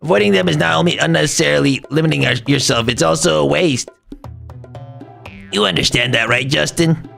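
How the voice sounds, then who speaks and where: A man's voice: a little high, a little fast, vocal fry, fairly bright tone, faint music behind. A man voicing a formal, bookish teenage girl from a story game in a prim, wordy way. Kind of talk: voice acting while reading a game.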